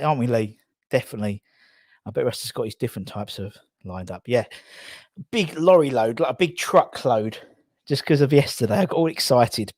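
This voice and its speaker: A man's voice: mid-range voice, a little mellow, no echo, studio quality. Breathless chatty English man streaming. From England. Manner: rambling, chatty, reads out viewer comments. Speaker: live stream host. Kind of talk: casual live stream chat. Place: garage.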